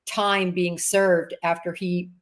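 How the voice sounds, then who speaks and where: A woman hosting a casual interview on a video call. Her voice sits on the lower side and she talks in halting bursts, restarting her sentences as she goes. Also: little pitch movement. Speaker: host, former FBI agent.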